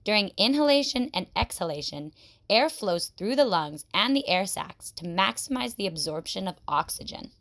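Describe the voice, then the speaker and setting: A woman educator giving scripted science narration in a clear, explanatory way. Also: medium pitch, animated, moderate pace, fairly bright tone.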